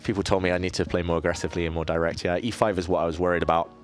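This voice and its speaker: A deep, level-toned man from southeast England races through his words over faint background music. It's casual live-stream commentary: he plays chess, reasons aloud, and jokes at his own expense with the chat.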